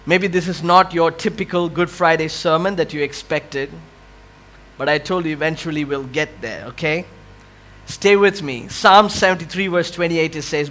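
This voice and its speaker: High-voiced, bright preacher delivering a sermon. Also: male voice, animated, measured pace. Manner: preaching with call-and-response questions to the congregation; swells loud and high on impassioned cries, drops to quiet near-whispers. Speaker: pastor.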